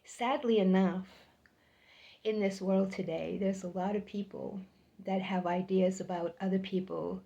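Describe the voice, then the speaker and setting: A woman's voice: mid-range voice, steady tone, measured pace, gravelly, dark tone, highs cut off. An older woman telling a personal story to the camera, chatty and repeating words for emphasis. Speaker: vlogger.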